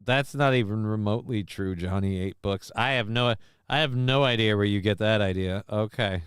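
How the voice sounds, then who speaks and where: Man hosting a livestream, rambling and profane, smooth voice, dry close sound. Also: fairly low pitch, normal speed, no echo. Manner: rambling, profane, sarcastic asides. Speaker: livestream host. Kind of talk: casual livestream chat reading viewer messages.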